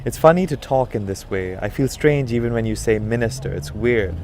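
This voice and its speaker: A man's voice: mid-range voice, lively intonation, darkish tone, slight background noise, lightly acted. A man voicing a shy young man who halts and stumbles as he tries to say his lines. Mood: amused. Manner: halting, stumbling over words.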